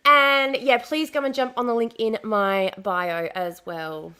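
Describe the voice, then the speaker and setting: A woman hosting a casual livestream, chatty and bubbly, a little hoarse as her voice comes back after being sick. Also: on the high side, steady tone, measured pace, bright, forceful tone. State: recovering from lost voice, slightly hoarse. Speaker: livestream host.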